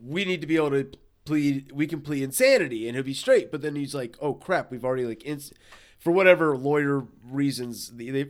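A man's voice: mid-range voice, lively intonation, brisk. Man with hiccups, laughing through a recap. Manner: laughing, stumbling restarts, swears. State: has the hiccups. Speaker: podcast co-host. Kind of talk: casual movie chat.

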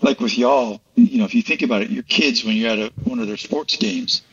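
A man's voice: medium pitch, very animated, fairly quick, gravelly, a bit bright, husky. A man as an interview guest, explaining his faith earnestly in casual conversation. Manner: earnest, explanatory, many restarts. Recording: distant, muffled lo-fi audio.

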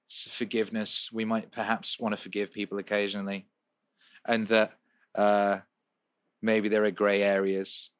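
A man hosting a podcast, answering listener questions in a casual, profane rant that swings from a laid-back drawl to loud outbursts. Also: fairly low pitch, smooth, no echo, clean studio sound. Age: adult with a young son. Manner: profane, fired-up ranting with repeated phrases.

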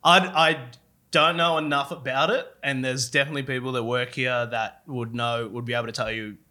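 Man, podcast host, bright tone, easygoing, agreeable, casual chat. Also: mid-range voice, flat delivery, fairly quick. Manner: agreeable, frequent "yeah" and laughs.

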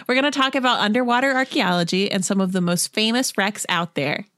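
A woman's voice: mid-range voice, brisk, fairly bright tone, no echo. Giggly American woman co-host, dry recording. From United States. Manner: giggly, reads quotes carefully. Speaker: podcast co-host. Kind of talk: casual podcast chat.

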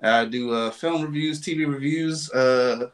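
A man's voice: mid-range voice, unhurried. A man giving a jokey, wry introduction as a podcast guest.

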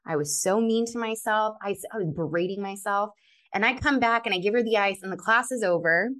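A woman guest, a clinical pharmacist, telling personal stories in an earnest, reflective way in a podcast interview, quick to laugh. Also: mid-range voice, a bit bright.

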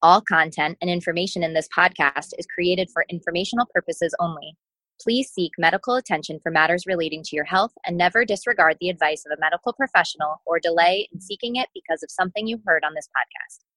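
A woman reading a formal podcast disclaimer in a measured way. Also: fairly low pitch, bright, forceful tone, no room sound, poor audio. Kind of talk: read disclaimer.

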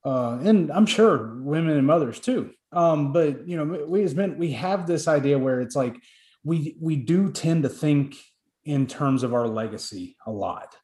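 A man hosting a casual chat, talking in a measured, reflective way with some hesitation. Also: on the high side, expressive, warm tone. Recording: roomy echo.

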